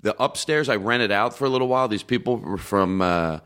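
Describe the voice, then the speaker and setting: A man's voice: fairly low pitch, fairly quick, fairly bright tone, smooth. A man talking as a podcast guest comedian in casual chat, rambling, swearing and laughing often.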